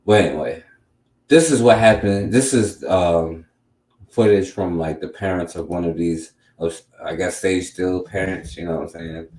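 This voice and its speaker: A man's voice: low-pitched, darkish tone, reverberant, slight background noise. A man hosting a casual talk show, rambling loosely and often tagging his sentences. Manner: loose and rambling, lots of filler tags. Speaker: podcast host. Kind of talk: casual commentary.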